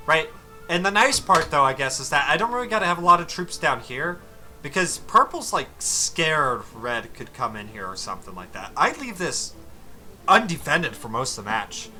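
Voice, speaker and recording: Young man, high voice, very bright tone, excitable gameplay commentary, faint background music. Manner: excitable, exasperated, swears casually. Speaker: gaming commentator.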